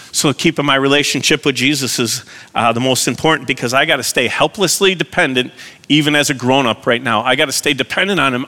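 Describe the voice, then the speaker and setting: Male pastor, sermon, earnest, questioning the congregation, forceful bright voice, long church reverb. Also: medium pitch, fast.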